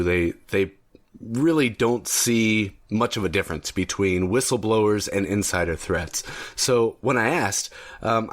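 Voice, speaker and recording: A man hosting a solo podcast, talking casually and rambling a bit with fillers and restarts. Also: lowish voice. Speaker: podcast host.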